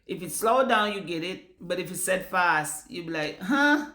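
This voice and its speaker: A woman's voice: lowish voice, moderate pace, pushed and bright, reverberant. A Jamaican woman speaking bluntly in a casual vlog rant, swearing freely and slipping into patois. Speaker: vlogger. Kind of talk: casual ranting monologue.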